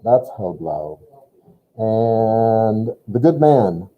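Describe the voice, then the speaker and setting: Slow, patient German teacher, tinny line. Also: male voice, fairly low pitch, animated. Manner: patient, explains grammar step by step. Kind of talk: online language lesson.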